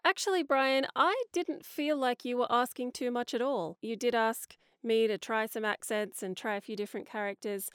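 Female voice actor guest, bright higher register, articulate, dry close recording. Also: normal speed, few pauses, clear, resonant tone, no room sound. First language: non-American English speaker. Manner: upbeat, articulate. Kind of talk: casual interview answer.

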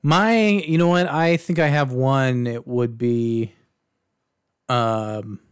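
A young man co-hosting a casual movie review podcast, animated and swearing freely, retelling scenes with quoted lines. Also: medium pitch, takes it slowly, smooth. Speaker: podcast co-host.

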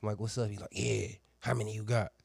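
A man, a barber, casually telling a crude story with lots of slang and voiced quotes, animated and loud at times. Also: fairly low pitch, quick pace, gravelly, husky.

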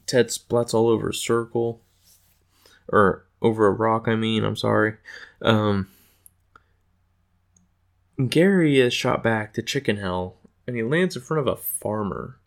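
A man's voice: fairly low pitch, expressive, a little slow, vocal fry. A man casually recapping an episode in a rambling, amused way with lots of fillers. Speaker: show recapper.

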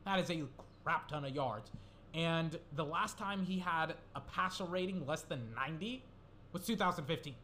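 A man's voice: on the high side, moderate pace, bright, forceful tone, a little hiss or hum. A young man rambling through casual solo commentary, swearing and getting worked up as he goes. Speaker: gaming commentator.

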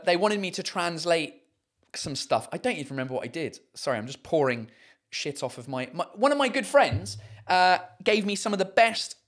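A man hosting a casual livestream chat, rambling with many fillers and swearing freely. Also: high-pitched. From United Kingdom. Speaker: host.

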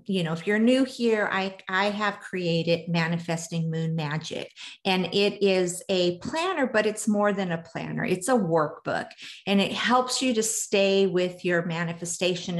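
A woman speaks in a gentle, earnest tone, coaching listeners on manifesting. Her voice sits a little low for a woman. She talks in a relaxed, encouraging way, as if teaching one-on-one. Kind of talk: casual teaching monologue.

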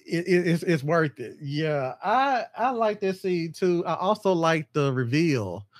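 Podcast host guy, lively, fairly high voice, dead dry sound, keeps doing voices. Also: measured pace, no room sound. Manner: animated, acts out scenes in a high mocking voice. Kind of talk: casual chat.

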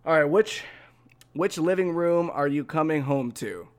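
A young man co-hosting a casual chat, animated and self-mocking, calling people "dude". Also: fairly high pitch, unhurried. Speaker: podcast co-host.

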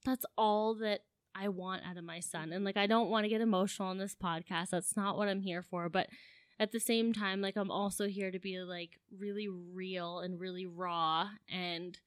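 A woman's voice: medium pitch, fairly even intonation, normal speed, clean tone, no room sound, studio quality. A young woman co-hosting a podcast, talking earnestly and emotionally in casual chat, with lots of "like.". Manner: earnest, emotional, heavy use of "like". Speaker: podcast co-host.

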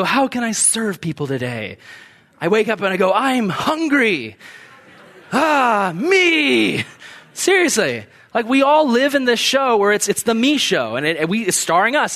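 A man's voice: sits high, fairly bright tone. A young adult man preaching a sermon as a pastor, telling stories in a conversational way and acting out the voices of people he quotes.

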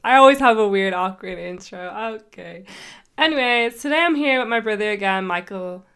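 A woman's voice: mid-range voice, lively intonation, moderate pace, fairly bright tone, clean tone. Giggly woman podcast host in her twenties. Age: 20s. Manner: giggly, rambling. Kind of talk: casual chat.

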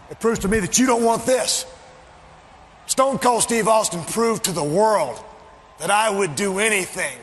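A man cutting a wrestling promo, taunting and mocking, often shouting. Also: sits high. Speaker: pro wrestler. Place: arena. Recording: echoey arena audio with faint background noise.

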